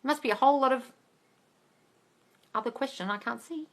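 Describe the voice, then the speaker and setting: A woman's voice: sits high, moderate pace. A woman hosting a live manifestation Q&A on her phone, reading comments aloud and answering bluntly and playfully, often swearing and calling people darling. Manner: blunt, profane, playful, calls everyone darling.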